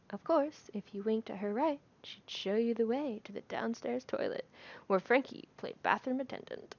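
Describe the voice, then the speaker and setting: A woman's voice: a little high, darkish tone. A young woman hosting a gaming video, reading a story game's text aloud, stumbling over words and correcting herself. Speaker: gaming channel host. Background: background music.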